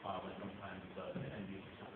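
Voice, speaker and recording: A man's voice: sits low, monotone, quick pace, phone-quality sound, very noisy. A man on a panel explaining, hesitant with fillers. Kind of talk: panel talk. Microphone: audience member's cell phone. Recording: echoey hall on a phone from far off.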